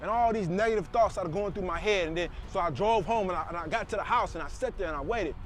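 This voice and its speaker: A man's voice: high voice, fast, soft background music. A middle-aged man giving an emphatic, repetitive motivational speech to the camera, recorded outdoors. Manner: preachy, repetitive, emphatic with call-outs. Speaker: motivational speaker.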